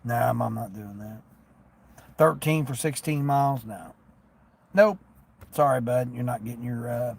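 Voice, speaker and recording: A man's voice: medium pitch, measured pace, gravelly, long pauses, husky. A man streaming live while doing delivery driving, chatting in a rambling, folksy way and turning down orders aloud. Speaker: delivery driver livestreamer.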